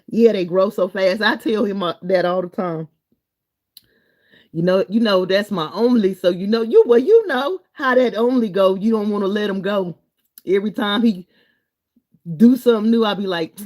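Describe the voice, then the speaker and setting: A middle-aged woman, hosting a live stream, chatting loosely with viewers and reading their comments in an encouraging way. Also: a little high. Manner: chatty, warm and encouraging, wanders between topics.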